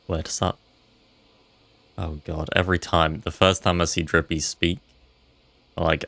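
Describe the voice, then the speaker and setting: A man's voice: deep voice, level tone, unhurried, gravelly, long pauses, a bit bright, no room sound. A man streaming a game live, chatting casually and thinking aloud as he plays. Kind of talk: casual live gameplay commentary.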